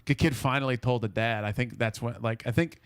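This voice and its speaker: A man co-hosts a casual podcast, spinning a long, rambling story and slipping into the voices of the people in it. His voice sits in a middling pitch, and the sound is dry and close. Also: fairly quick, smooth, no room sound. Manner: rambling, laughing storyteller who acts out quotes. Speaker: podcast co-host.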